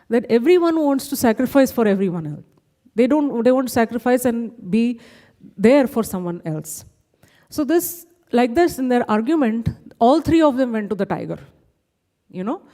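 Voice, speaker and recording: A woman gently telling a devotional story at a temple, explaining as she goes and often checking in with "right?". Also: a little high. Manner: gentle, explanatory, with frequent "you know" and "right?". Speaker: speaker at a temple class. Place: temple hall. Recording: long hall reverb.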